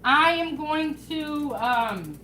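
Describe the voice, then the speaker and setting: A woman hosting a casual home cooking vlog, chatting in a relaxed way and talking straight to her viewers. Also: high voice, drawn-out words, slight background noise, rough recording. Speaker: home cooking show host. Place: home kitchen.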